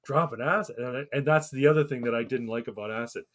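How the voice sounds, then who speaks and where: A man in his thirties talks on a casual podcast, rambling and swearing freely as he tells a story. His voice sits in an ordinary middle pitch, and he slips into the voices of the people he quotes. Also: quick pace, fairly bright tone. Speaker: podcast co-host.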